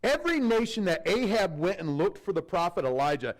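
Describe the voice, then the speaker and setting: Guy preaching a sermon, pretty high voice, swings up and down a lot, chatty asides. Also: brisk, low-quality recording. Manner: animated storytelling, conversational asides. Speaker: pastor.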